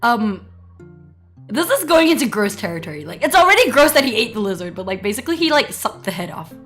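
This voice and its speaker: A woman streamer chatting casually and telling animated stories, laughing often. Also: fairly high pitch, quick pace, soft background music. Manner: giggly, animated storytelling with frequent laughs. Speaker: VTuber streamer. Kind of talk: casual livestream chat.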